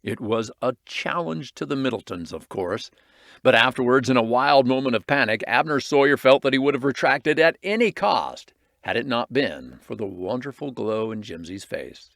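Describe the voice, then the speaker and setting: Man narrating with a lively voice. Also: mid-range voice, moderate pace, vocal fry, no room sound, clean studio sound. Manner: expressive, varied reading. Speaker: audiobook reader. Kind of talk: storybook narration.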